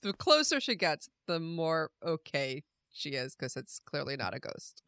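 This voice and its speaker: A woman's voice: sits low, very animated, measured pace, a bit bright, no echo, clean studio sound. A woman playing a tabletop game, chatty and giggly. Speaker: player. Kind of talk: casual tabletop play.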